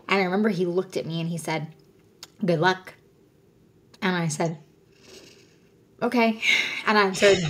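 A woman, likely in her thirties, earnestly telling a personal story as a podcast guest, with frequent fillers. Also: fairly low pitch. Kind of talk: personal story in casual conversation.

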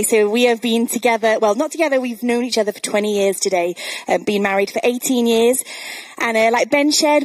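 A woman's voice: a little high, dry recording. A woman in her thirties from the English Midlands, giving a chatty sermon full of storytelling asides. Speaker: guest preacher. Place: church.

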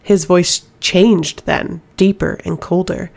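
Low, gravelly woman reading aloud. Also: steady tone, measured pace, few pauses, a little mellow. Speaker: audiobook narrator. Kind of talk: scripted narration.

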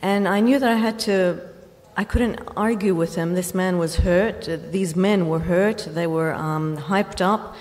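A woman journalist on a festival panel, recounting her reporting in a measured way with pauses. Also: on the low side, a little mellow. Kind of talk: panel discussion. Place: large festival hall. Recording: long reverb of a festival hall.

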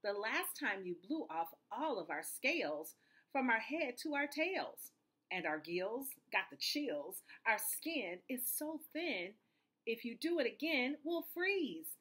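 A woman's voice: a little high, very animated, slow pace, a bit bright, slightly rough, full character voice. A woman reading aloud, voicing a pleading school of fish from a storybook.

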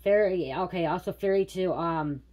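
A woman's voice: low-pitched, fairly even intonation, fairly quick, a little mellow, slight background noise. A middle-aged woman doing a casual spiritual card reading, musing aloud and repeating words as they come to her. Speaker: tarot reader.

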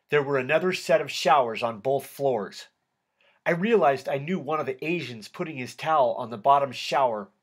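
A man reading his own story aloud as an audiobook in a steady first-person manner. His voice is husky and mid-pitched. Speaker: audiobook narrator. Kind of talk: audiobook reading of a prison memoir.

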